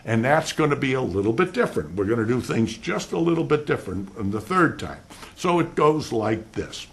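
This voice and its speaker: An older man giving an animated law lecture on cross-examination, acting out both roles and swinging between loud and soft. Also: mid-range voice, a little fast. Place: lecture hall.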